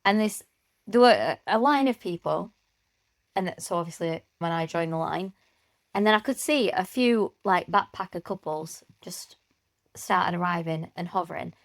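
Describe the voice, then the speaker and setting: A woman's voice: on the low side, moderate pace, no echo, clean studio sound. A woman co-hosting a podcast, telling stories in casual chat and laughing often. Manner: chatty storyteller, laughs often. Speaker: podcast co-host.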